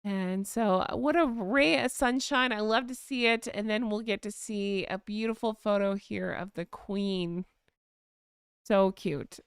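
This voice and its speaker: A woman's voice: medium pitch, measured pace, clean tone, no room sound, clean studio sound. A woman hosting a casual live chat, gushing and effusive as she thanks viewers by name. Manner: thanks donors warmly by name. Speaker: live-stream host.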